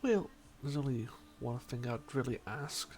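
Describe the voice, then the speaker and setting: A man voicing a polite spellcaster from another plane, using a put-on Scottish accent and speaking haltingly and formally. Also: mid-range voice, lively intonation, darkish tone, lightly acted. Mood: polite inquiry. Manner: halting, hesitant, slow and formal. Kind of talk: in-character role-play.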